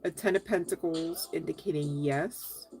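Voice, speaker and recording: A woman's voice: low-pitched, normal speed, a little mellow, faint music behind. A woman doing a casual live tarot reading, chatty and giggly, speaking straight to her viewers. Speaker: tarot reader answering live chat.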